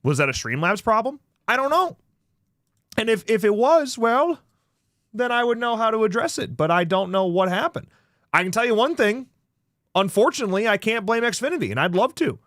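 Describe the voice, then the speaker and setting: A man hosting a casual livestream, ranting profanely about a failed stream, swinging from mutters to shouts. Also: high voice, expressive, normal speed, dry recording, clean studio sound. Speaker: livestream host.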